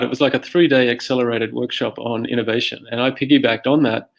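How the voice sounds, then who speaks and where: A man hosting a podcast, chatting casually and relaxed, with many "um" and "uh" fillers. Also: mid-range voice, creaky, poor audio. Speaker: podcast host. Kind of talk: casual interview chat.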